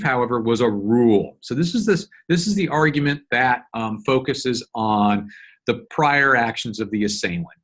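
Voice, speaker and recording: A man of middle pitch gives a recorded law lecture, talking through a document line by line. He explains patiently and evenly, often pausing on fillers and restarting his sentences as he thinks. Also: a bit bright. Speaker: law instructor. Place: solo screen-recorded lecture.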